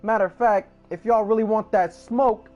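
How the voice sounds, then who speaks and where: A man voicing a scheming old villain who gloats slowly in slang. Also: high-pitched, steady tone, highs cut off, soft background music, voice pushed up, lightly acted. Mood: gloating. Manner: gloating, drawn-out.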